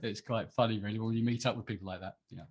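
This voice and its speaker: A man's voice: on the low side, fairly even intonation, very fast. A middle-aged British man, a guest in a casual interview, chatty and self-deprecating, laughing often and restarting his sentences. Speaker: podcast guest, entrepreneur.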